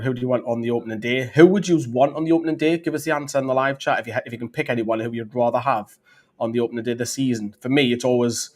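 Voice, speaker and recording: A man hosting a football fan live stream, chatting loosely and reading out viewer comments with lots of fillers and restarts. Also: medium pitch. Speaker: fan channel host.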